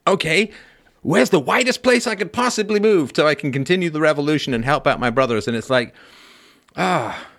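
A man hosting a podcast, talking in a lively, wordy way with frequent laughs and asides. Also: on the high side, brisk, vocal fry. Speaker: podcast host. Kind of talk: conversational interview.

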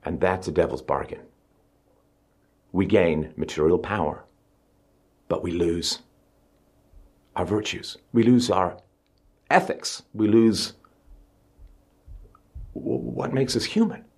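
Middle-aged guy giving a speech, low raspy voice, leans hard on key words. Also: expressive, slow, long pauses. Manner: emphatic, rising to stressed words. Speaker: speaker. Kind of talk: public speech.

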